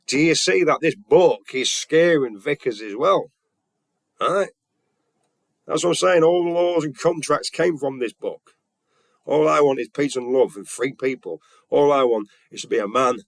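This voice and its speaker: A man's voice: medium pitch, no room sound. A man telling a story in a casual monologue, retelling conversations bluntly and earnestly. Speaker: vlogger.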